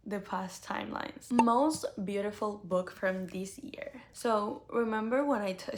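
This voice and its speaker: Young female book vlogger, mid-pitch, gravelly fry, chatty and effusive. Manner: gushing, animated, with many "like" fillers. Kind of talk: casual book tag chat.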